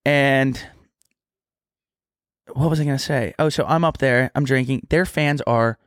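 A man's voice: medium pitch, a little slow, clean tone, dry recording, studio quality. Rambling young man telling stories. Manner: rambling storyteller, heavy use of "like". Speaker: podcast co-host. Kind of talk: casual chat.

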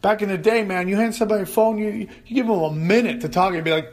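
A male podcast host telling a comedic solo rant, animated and loud, shouting in the voices he quotes. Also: high-pitched, fast. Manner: animated storytelling, loud put-on yelling in quotes.

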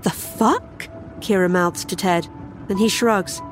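A woman narrates a first-person horror tale in a wry, sardonic tone. Her voice sits at a mid pitch. Faint music runs beneath her. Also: slow.

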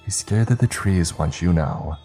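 A man's voice: low-pitched, measured pace, mellow, husky, faint music behind. A man voicing a frightened, whiny young man who keeps begging and apologizing in a horror story. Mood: earnest.

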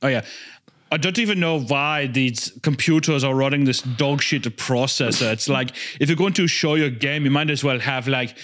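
A man's voice: mid-range voice, normal speed, fairly bright tone. A man co-hosting a casual comedy chat over a video call, rambling with many restarts and swearing.

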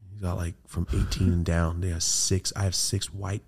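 A man with a low, gravelly voice hosts a casual podcast chat. He tells a story with animated energy, swearing freely and slipping into voices when he quotes friends. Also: moderate pace. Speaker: podcast host.

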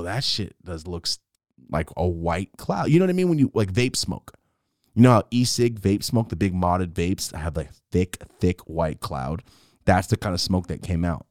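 A man telling a wild personal story in a casual, profane, animated way, acting out what people said. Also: on the low side, dry recording, clean studio sound. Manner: animated, profane, acts out the quotes.

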